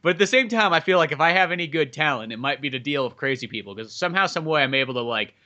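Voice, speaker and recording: Guy on a podcast rambling thru a story, bright voice, bounces up and down a lot. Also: on the high side, lively intonation, very fast. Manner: rambling, lots of likes and swearing. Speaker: podcast co-host. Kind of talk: casual chat, storytelling.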